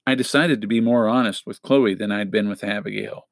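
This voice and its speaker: A man's voice: on the low side, steady tone, fairly quick, vocal fry, no room sound. Dry, wry male audiobook narrator. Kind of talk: first-person audiobook narration.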